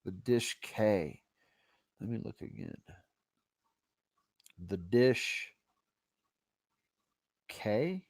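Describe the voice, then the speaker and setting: A man's voice: lowish voice, lively intonation, extremely slow, long pauses, darkish tone, no echo. A man hosting a casual livestream, rambling and laid-back as he talks to himself while browsing. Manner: casual slang, says y'all. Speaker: YouTube channel host.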